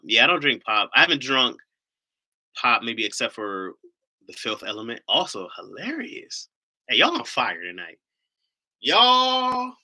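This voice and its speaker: A man from Ohio hosts a casual live stream, rambling from one thought to the next with jokes and loose swearing. His voice is very bright and forceful, and his pitch swings in a lively way. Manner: rambling, joking, swears freely.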